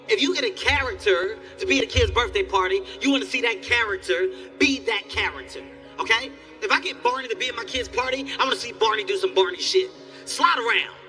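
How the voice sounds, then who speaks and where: A man doing stand-up comedy, telling a profane story in an animated, exasperated way. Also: very high voice. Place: live comedy venue. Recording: distant live stage recording with faint music.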